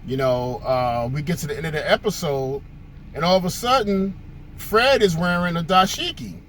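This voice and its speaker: A man's voice: on the high side, normal speed, fairly bright tone, a little hiss or hum. A male host giving a casual, conversational monologue, telling stories with frequent fillers.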